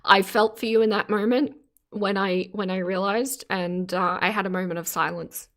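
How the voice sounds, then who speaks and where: A woman's voice: mid-range voice, steady tone, moderate pace. An Australian woman chatting casually on a live stream, laughing often and teasing her chat. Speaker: streamer reacting to videos.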